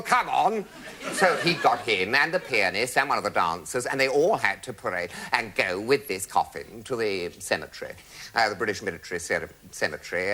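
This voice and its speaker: A man telling a comic anecdote to a studio audience, arch and theatrical. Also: lowish voice. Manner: theatrical, arch, animated storytelling. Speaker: comic raconteur.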